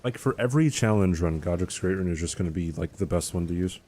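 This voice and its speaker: A man's voice: deep voice, quick pace, dark tone. A young man streaming a game live, chatting casually and rambling as he answers his viewers' chat. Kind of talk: casual live-stream commentary while gaming.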